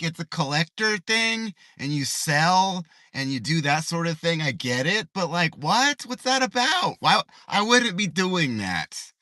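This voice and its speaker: Ranting man with a bright voice. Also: on the high side, dry recording. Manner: ranting, repetitive rhetorical questions. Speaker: livestreamer. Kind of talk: casual livestream rant. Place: parked car in a parking lot.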